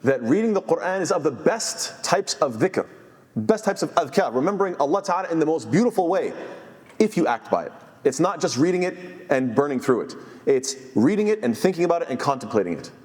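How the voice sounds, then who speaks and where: Earnest preacher in an echoing hall. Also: male voice, a little high, very animated, a little fast, darkish tone. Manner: earnest, quotes Arabic scholars then translates. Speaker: imam. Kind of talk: sermon. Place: masjid.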